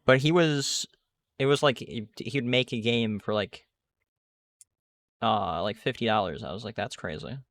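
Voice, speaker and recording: A man's voice: mid-range voice, measured pace, pauses often, a bit bright, no room sound, studio quality. A young man casually commenting on the game he is playing, rambling with lots of asides and fillers to his chat. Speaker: gaming streamer.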